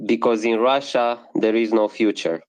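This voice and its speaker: A man's voice: on the low side, fairly even intonation, moderate pace, smooth. A man in a casual live audio chat, upbeat and joking.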